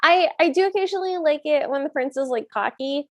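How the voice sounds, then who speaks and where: A woman co-hosting a podcast in casual chat, wry and teasing, quick to push back. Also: high-pitched. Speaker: podcast co-host.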